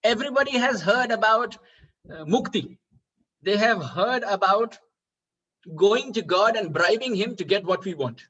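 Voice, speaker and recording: A man's voice: sits high, expressive, a little slow, pushed and bright, husky, lo-fi sound. A man giving a devotional lecture, asking rhetorical questions and chuckling often. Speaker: spiritual speaker.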